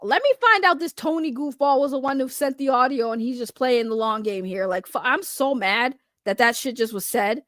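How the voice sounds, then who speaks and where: High-voiced woman ranting, heated and profane. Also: moderate pace, few pauses, a bit bright, dry recording, clean studio sound. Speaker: commentary vlogger. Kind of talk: reaction commentary rant.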